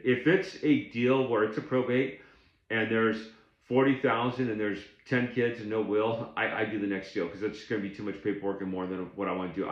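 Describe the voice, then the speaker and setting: Man, lowish voice, blunt no-nonsense coach; roomy, slightly dull recording. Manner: plainspoken, blunt, with frequent restarts. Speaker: tax overage business coach. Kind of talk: casual instructional talk to camera.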